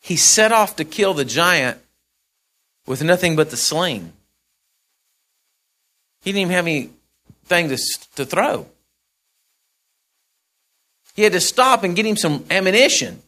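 A man preaching a sermon in a folksy storytelling way, acting out the characters and repeating phrases, swinging from loud to soft. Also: sits high, very animated, unhurried, long pauses.

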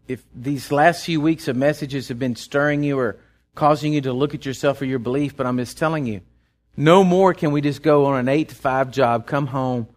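A man, a pastor preaching a sermon in a conversational way, retelling scripture and often restarting his sentences. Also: mid-range voice. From Texas.

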